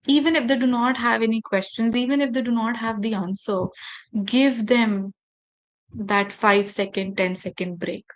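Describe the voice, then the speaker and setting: A woman running a workshop for teachers, speaking in a measured, deliberate way with emphatic pauses and direct instructions to her audience. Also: fairly high pitch, fairly even intonation, poor audio. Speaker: faculty development trainer.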